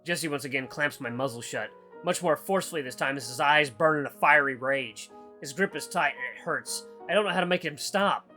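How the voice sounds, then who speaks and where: A man's voice: a little high, fairly quick. A man hosting a gaming channel, reading a visual novel aloud in first person and tossing in casual asides. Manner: expressive, casual asides between narration. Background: faint guitar music.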